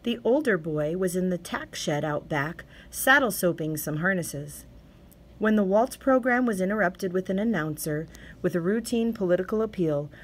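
Audiobook reader: woman, low-leaning pitch, measured storytelling. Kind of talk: scripted narration.

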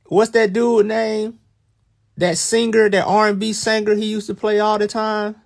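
This young livestream host has a drawl and a gravelly voice pitched a touch higher than most men's, delivered flatly and at a slow, drawn-out pace. He teases his viewers casually, with occasional bursts of mock alarm.

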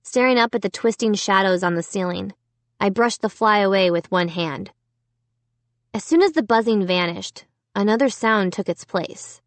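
An audiobook narrator reads a children's horror book in the first person, keeping a steady delivery laced with suspense. She has a medium-pitched voice, speaks at a normal speed, and there's no echo.

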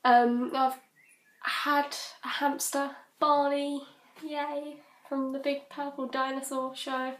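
A British teenage girl rambling casually in her bedroom, scattered and quick to giggle. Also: sits high, flat delivery, a bit bright. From Britain. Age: teens. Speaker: vlogger. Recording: roomy bedroom echo.

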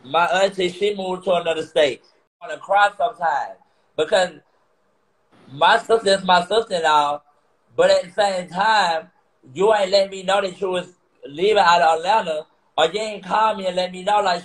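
A man's voice: sits high, normal speed, poor audio. A man ranting to his viewers, upset and swearing, repeating himself. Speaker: vlogger on a live stream. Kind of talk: emotional rant to viewers.

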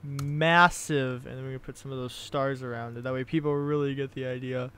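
A man's voice: mid-range voice, fairly even intonation, brisk, fairly bright tone, smooth. A young man making a casual comedic vlog and reading his own writing aloud, giggling at himself often. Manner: giggly, self-amused, restarts.

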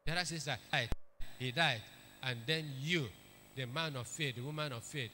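A man's voice: medium pitch, normal speed, bright, forceful tone, a little hiss or hum. A man preaching a sermon, emphatic, repeating key phrases and calling for amens. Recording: echoey hall with long reverb.

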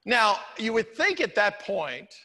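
A man's voice: high voice, big pitch swings, takes it slowly, pushed and bright, in a large hall. A man preaching a sermon as pastor in a church, talking conversationally with wry humorous asides. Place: church sanctuary.

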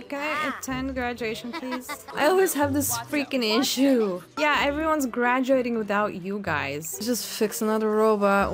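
Giggly young woman chatting over gameplay. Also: high voice. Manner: giggly, chatty, laughs often. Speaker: Sims gameplay streamer. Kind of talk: casual gameplay commentary. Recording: music playing behind.

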